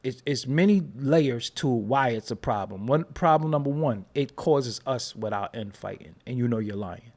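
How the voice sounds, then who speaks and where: A man's voice: medium pitch, expressive, moderate pace, hardly any pauses, darkish tone. A man hosting a casual livestream, ranting at his chat in a profane, mocking way. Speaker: show host.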